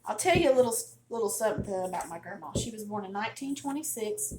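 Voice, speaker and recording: A middle-aged woman with a Southern drawl chats folksily as she cooks in her home kitchen, wandering into little stories as she goes. Her voice sits at an ordinary middle pitch, picked up by a camera on the counter, with a faint hiss behind it. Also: expressive, fast talker. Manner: folksy, chatty, storytelling. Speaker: cooking channel host. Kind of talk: casual cooking demonstration.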